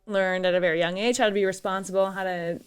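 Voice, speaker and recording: A woman's voice: mid-range voice, steady tone, fast, clean tone. A woman in her thirties from northern Minnesota with a Minnesotan accent, a guest telling her story in a laughing, open way in a studio. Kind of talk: casual interview chat. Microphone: studio microphone.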